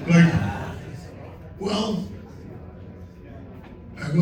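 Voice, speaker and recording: A man's voice: on the high side, slow, pauses often, a little mellow. Profane man ranting in an echoey hall. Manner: profane, heated, ranting, mocking quotes. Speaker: speaker at a crypto event. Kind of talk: impassioned storytelling rant. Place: large echoey event space. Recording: echoey room, distant mic.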